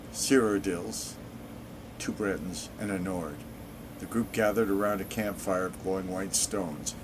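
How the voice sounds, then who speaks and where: Low-voiced sarcastic gamer reading aloud. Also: male voice, background noise. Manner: sarcastic asides. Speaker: gaming channel host. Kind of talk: reading an in-game book aloud.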